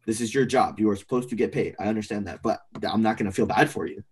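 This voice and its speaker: A man co-hosting a casual sports podcast, opinionated and animated, often trailing off into fillers. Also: lowish voice, fast, slightly rough. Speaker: podcast co-host.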